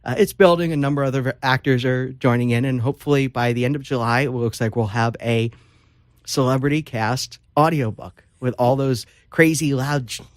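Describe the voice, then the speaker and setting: A man's voice: medium pitch, a little fast, dry recording, clean studio sound. A man, an author and lawyer, talking as a guest in an interview, telling stories with many fillers. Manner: animated storyteller with fillers. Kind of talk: casual interview talk.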